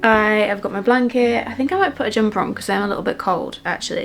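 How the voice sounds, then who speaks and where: A young woman chatting casually in a home vlog, enthusiastic and sometimes dropping to a soft hush. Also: a little high, moderate pace, hardly any pauses, soft background music. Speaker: vlogger. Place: cosy home reading corner.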